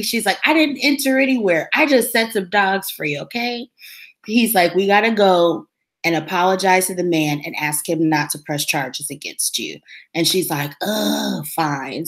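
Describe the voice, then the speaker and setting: A woman co-hosting a casual talk show, retelling a TV episode in an animated way and acting out the characters' lines. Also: lowish voice, normal speed. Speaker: co-host recapping a TV episode. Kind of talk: casual chat.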